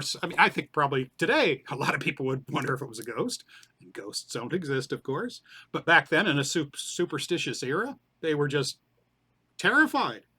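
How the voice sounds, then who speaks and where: A man leading a church Bible study talks through the passage in a relaxed, conversational way. His voice is fairly high and bright. He keeps turning questions back to the group.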